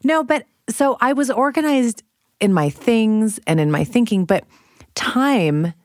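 A woman's voice: on the high side, animated, a little slow, no echo, studio quality. A middle-aged woman chatting as a guest, teasing her sister playfully. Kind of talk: casual chat.

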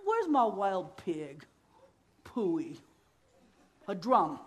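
A woman voicing a greedy, cheerful male hunter who talks in a lower, gruff voice. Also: wildly swooping pitch, drawn-out words, heavily acted. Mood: gleeful.

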